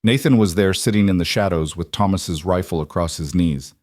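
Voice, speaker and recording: A male narrator telling a frontier story in a calm, even read. His voice is on the low side. The recording is dry with no room sound. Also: fairly quick, dry recording. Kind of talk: scripted narration.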